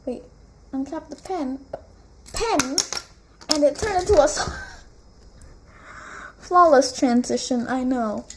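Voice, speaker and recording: A woman's voice: a little high, a little mellow, slight background noise. A woman vlogger casually retelling a novel at home, chatty and rambling, with many asides. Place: room at home with a blue wall.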